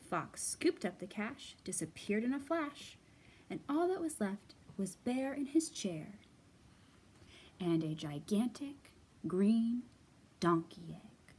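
A woman librarian reads a picture book to small children in a slow, sing-song storyteller voice. Her pitch rises and falls in wide, playful arcs. Her tone has a soft husky grain. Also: lively intonation. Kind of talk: storytime read-aloud.

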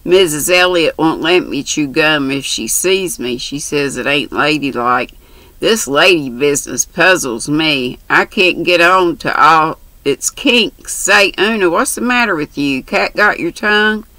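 A woman's voice: low-pitched, measured pace, pushed and bright, no room sound, rough recording. A woman voicing a brash, chatty country orphan girl who talks in bossy, boastful slang.

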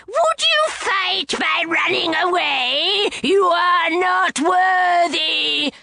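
A woman's voice: very high voice, lively intonation, drawn-out words, vocal fry, sharp tone, a little hiss or hum, pitched above the performer's own voice, full character voice. A woman voicing a cruel, shrieking vulture goddess, taunting.

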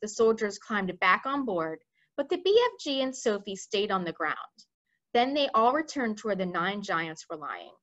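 A woman reading a children's book aloud expressively, pausing now and then to speak to her listeners. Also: medium pitch, dull audio. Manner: expressive, addresses listeners directly. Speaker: library read-aloud reader. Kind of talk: storybook read-aloud.

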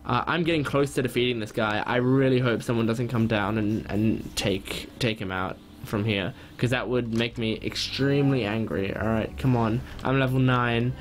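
A young man giving excitable gameplay commentary, quick to get frustrated and loud when things go wrong. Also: mid-range voice, a little hiss or hum. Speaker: gaming channel host.

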